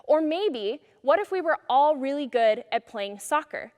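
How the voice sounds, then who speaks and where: A high-voiced woman delivers an encouraging youth message as a pastor, casual and earnest. Her voice trails into a long reverb. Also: animated, unhurried, darkish tone.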